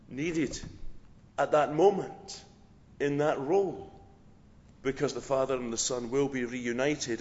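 A hoarse man preaching a sermon as a pastor, measured and earnest. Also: mid-range voice. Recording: dull lo-fi recording in a reverberant church.

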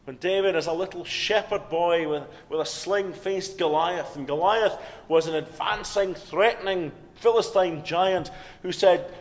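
A man preaching a sermon, telling stories with swings from loud, urgent passages to hushed ones. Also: fairly high pitch, moderate pace. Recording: long hall reverb, dull lo-fi sound.

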